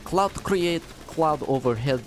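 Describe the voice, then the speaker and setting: A man voicing a gruff male soldier with a mock Russian accent, speaking in blunt, broken English. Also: on the high side, animated, slow, a little hiss or hum, pitched above the performer's own voice. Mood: boastful.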